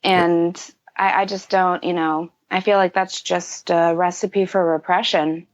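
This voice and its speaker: A woman's voice: on the low side, steady tone, unhurried. A woman in her thirties, a podcast guest, speaking candidly and reflectively in casual conversation, with many fillers. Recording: dull lo-fi audio.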